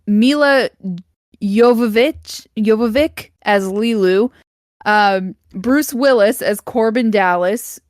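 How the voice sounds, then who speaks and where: A woman's voice: a little high, no echo, studio quality. A woman hosting a casual podcast, laughing often and stumbling through fillers. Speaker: podcast host. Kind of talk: casual chat.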